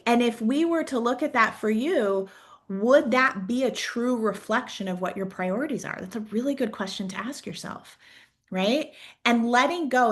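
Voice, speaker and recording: A woman career coach giving an encouraging, conversational talk, asking reflective questions and often adding "right?". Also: a little high. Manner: conversational, peppers sentences with "right?".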